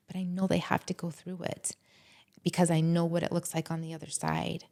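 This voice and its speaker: A woman therapist chats as a guest on a podcast, lively and earnest, often slipping into little acted-out quotes. Her voice sits a touch low for a woman. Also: a little fast. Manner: animated, acts out quotes from clients and herself; earnest and heartfelt about her work. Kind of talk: casual podcast conversation.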